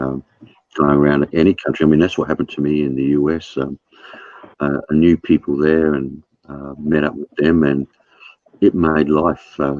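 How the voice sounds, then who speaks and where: A man's voice: very deep voice, a little mellow, no room sound, lo-fi sound. A middle-aged man, co-hosting a casual chat, blunt and sprinkling in swearing. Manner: blunt, swears, says mate. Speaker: show host.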